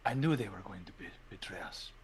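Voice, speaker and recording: A man voicing a scheming male mafia sloth with a put-on mobster accent and a slow, menacing drawl in a tabletop role-play. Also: a little high, lively intonation, heavy background noise, natural voice.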